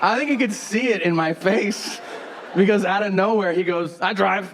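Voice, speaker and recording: A man doing a stand-up comedy set on stage, telling stories in a deadpan way and acting out both sides of the dialogue. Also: sits high, a little slow, long pauses. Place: theater stage before a live audience. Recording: live show with crowd noise. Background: audience laughter.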